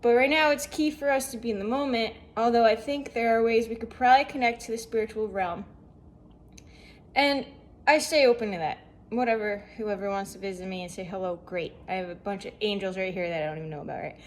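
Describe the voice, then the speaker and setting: A woman's voice: medium pitch, a little fast. A young woman talking casually to camera, rambling through self-help thoughts with lots of rhetorical questions. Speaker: vlogger.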